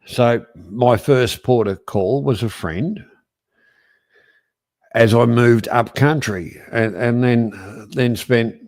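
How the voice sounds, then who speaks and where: A man hosting a casual chat, teasing his guest and talking in halting restarts. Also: mid-range voice, a little mellow. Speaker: host.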